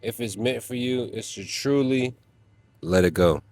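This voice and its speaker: A man's voice: medium pitch, unhurried, a little mellow, no echo. A man giving a motivational talk to other men, emphatic and preachy, speaking in casual slang. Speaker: self-help vlogger.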